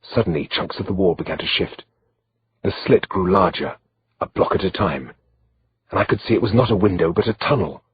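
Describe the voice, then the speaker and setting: Man reading an audiobook, very low voice, kinda muffled recording with faint hiss. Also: a little fast. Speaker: audiobook narrator. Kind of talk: scripted audiobook narration.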